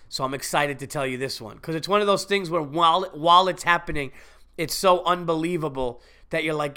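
This podcast host and comedian is sick with a cold but talks anyway, alone at the mic in a loose, profane, wandering style. His voice sits on the high side, pushed and bright, with a clean tone.

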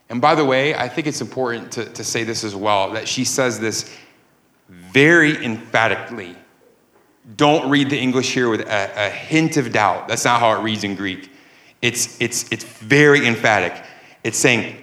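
A man's voice: mid-range voice, normal speed, bright, forceful tone. A man preaching a sermon as pastor, emphatic, with rising and falling cadence. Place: church sanctuary. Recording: echoey church room.

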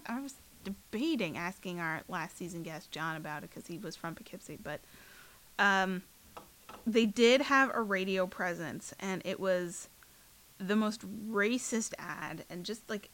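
A young woman co-hosting a podcast, telling stories in a wry, sarcastic, animated way. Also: medium pitch, unhurried. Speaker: podcast co-host. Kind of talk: casual chat.

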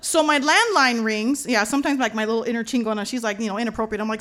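A woman from Los Angeles telling a personal story as a lively, dramatic monologue, mixing in Spanish slang. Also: fairly high pitch, fast talker. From Los Angeles, USA.

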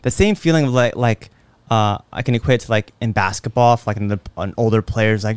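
A man hosting a podcast tells stories in casual chat, animated and full of fillers, acting out the quotes. His voice is on the low side, brisk and smooth, with no room sound.

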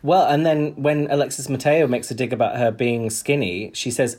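A man's voice: medium pitch, steady tone, moderate pace, a little mellow. A man co-hosting a podcast, chatting and gossiping cheekily while recapping a TV show. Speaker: podcast co-host. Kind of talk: casual chat recapping a TV show.

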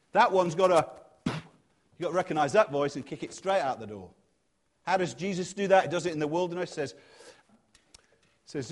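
Lively, joking male preacher. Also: fairly high pitch, brisk, pauses often. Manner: lively and conversational, with asides and humor. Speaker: church leader. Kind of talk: sermon.

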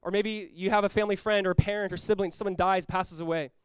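A man's voice: high-pitched, steady tone, fast, clean tone, no echo, low-quality recording. A man preaching a sermon as pastor, earnest and emphatic, often repeating words as he builds each point. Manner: acts out short quoted voices.

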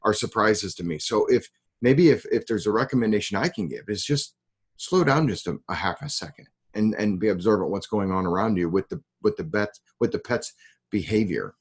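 A man hosting a casual interview, talking in a halting way with frequent repeats and self-deprecating asides. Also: lowish voice, expressive, slightly rough. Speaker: podcast host.

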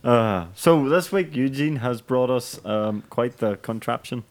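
A man's voice: mid-range voice, unhurried. A young man hosting a podcast in casual chat, laughing often and swearing freely. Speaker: podcast host.

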